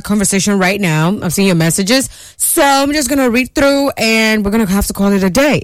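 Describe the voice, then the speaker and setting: A woman hosting a radio show, reading listener messages in a playful, animated way and laughing often. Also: medium pitch, no room sound. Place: radio studio.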